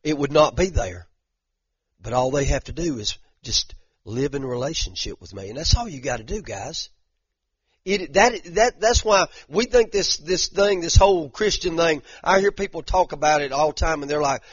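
A man's voice: a little high, animated, brisk, husky, no echo, muffled recording. A man preaching a sermon in a folksy, fervent way, repeating himself for emphasis. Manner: folksy, fervent, speaks in repetitions.

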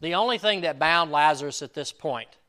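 An earnest male pastor delivers a sermon in a bright, forceful voice. He acts out quoted prayers and lines, swinging from loud emphasis to quiet, intimate asides. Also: fairly high pitch, lively intonation, normal speed.

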